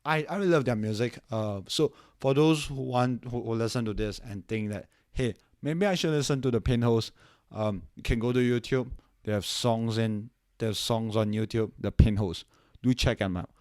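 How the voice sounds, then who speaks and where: A man's voice: fairly low pitch, steady tone, moderate pace, darkish tone, no echo, studio quality. A young man from Singapore hosting his podcast solo, talking casually and rambling with many restarts and "right?" tags. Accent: non-standard, hard to place; he says it doesn't sound Singaporean. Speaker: podcast host.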